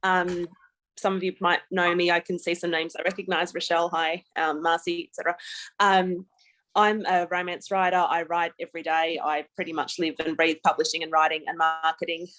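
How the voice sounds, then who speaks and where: A woman's voice: lowish voice, flat delivery, fairly quick, fairly bright tone. An Australian woman giving a chatty webinar presentation over a video call, laughing easily. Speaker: guest speaker.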